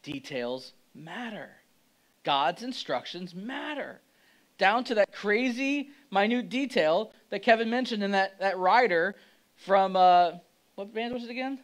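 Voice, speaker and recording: Man, pastor, sermon, high voice, chatty and animated. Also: a little slow, low-quality recording. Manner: conversational, animated, acts out quotes.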